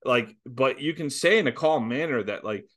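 A man co-hosting a football podcast in casual chat, measured and agreeable as he adds his own point. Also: mid-range voice, a bit bright. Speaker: co-host of a college football podcast. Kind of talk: casual sports talk.

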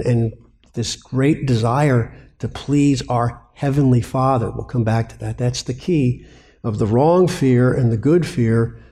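Mellow-voiced man preaching with rhetorical questions. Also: medium pitch. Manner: animated, asks rhetorical questions and answers them. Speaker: preacher and biblical counseling teacher. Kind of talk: sermon.

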